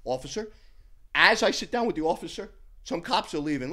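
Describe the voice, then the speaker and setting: A man's voice: fairly high pitch, a little fast. A brash middle-aged man telling a profane gym story in a casual podcast chat. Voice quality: brash, profane storyteller with a loud, animated delivery. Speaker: guest storyteller.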